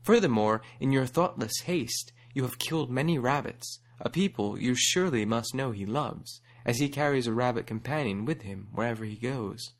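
A man's voice: medium pitch, moderate pace, hardly any pauses, close to an everyday voice. A man doing a clever little rabbit leader. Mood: earnest.

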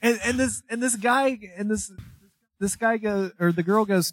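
A man's voice: high-pitched, moderate pace, fairly bright tone, dry recording. A young man co-hosting a podcast, telling a long story in casual chat, rambling, swearing and laughing as he goes. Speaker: podcast co-host.

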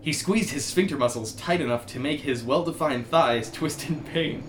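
A man's voice: fairly high pitch, moderate pace. A man hosting a comedy podcast, reading a silly story aloud and breaking into laughter. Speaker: podcast host. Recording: echoey room with loud background hum.

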